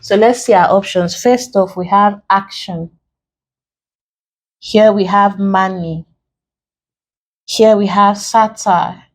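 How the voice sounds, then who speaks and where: A woman's voice: medium pitch, steady tone, slow pace, pauses often. A woman teaching an exam lesson, explaining rules patiently step by step. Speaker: English exam tutor. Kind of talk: recorded classroom lesson.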